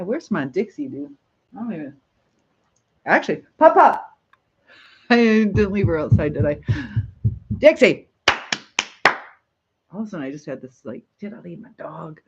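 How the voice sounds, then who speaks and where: A woman's voice: low-pitched, a little mellow, slight background noise. Lady doing a casual livestream, rambly, laughs a lot, kinda dull lo-fi sound. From Michigan, USA. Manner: rambling, reads viewer comments aloud, laughs often. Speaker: livestream host. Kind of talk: casual live chat.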